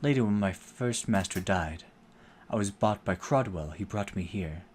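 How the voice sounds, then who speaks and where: A man's voice: lowish voice, animated, normal speed, darkish tone, a little hiss or hum, lightly acted. A man voicing a proud, bitter young enslaved woman who speaks curtly and keeps her guard up. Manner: curt and guarded.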